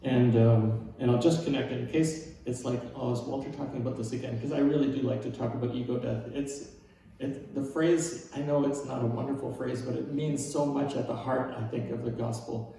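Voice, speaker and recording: A man giving a casual, conversational sermon to his church, often checking in with asides and gently poking fun at himself. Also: mid-range voice, steady tone, normal speed, gravelly, heavy reverb, far from the mic, a little hiss or hum, rough recording. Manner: casual and self-deprecating, with frequent "right?" asides. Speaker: preacher.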